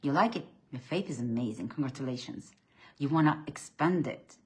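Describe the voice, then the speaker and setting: In an animated voice at normal speed, a female spiritual coach preaches bluntly about faith. Loud, emphatic bursts alternate with low, quiet lines, and she keeps restarting and repeating words.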